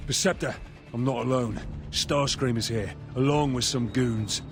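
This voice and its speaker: A man's voice: medium pitch, measured pace, over music, lightly acted. Jetfire, a man voicing a wry robot flier. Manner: dry, laid-back remarks. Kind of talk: video game voice acting.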